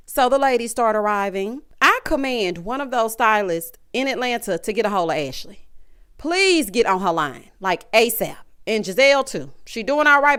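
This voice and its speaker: Woman, sassy recap commentary, high-ish voice, very clear. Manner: sassy, animated, mimics cast members in quoted voices. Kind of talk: casual reality-show recap commentary.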